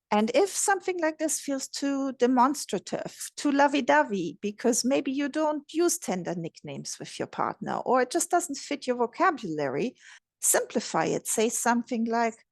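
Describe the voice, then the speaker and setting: Gentle woman coach, gravelly edge. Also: on the high side, big pitch swings, no echo, clean studio sound. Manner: gentle, measured, modelling empathetic phrases. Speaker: relationship coach. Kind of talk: scripted instructional talk.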